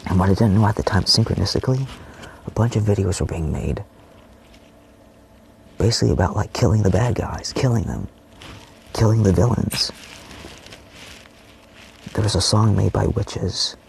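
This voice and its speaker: A low, gravelly male voice talking on and on in a loose personal monologue, heavy with swearing and restarts. He keeps slipping into hushed, breathy whispers. A faint hiss of noise sits under the recording. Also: moderate pace, pauses often. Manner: profane, rambling, often dropping to a whisper. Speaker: vlogger.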